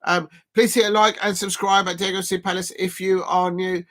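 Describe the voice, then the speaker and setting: Excitable man, bright voice. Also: sits high, normal speed. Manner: chatty and excitable, breaks into shouting at big moments; exercising between remarks, counting out reps. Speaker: livestream watch-along host. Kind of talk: casual live football watch-along commentary.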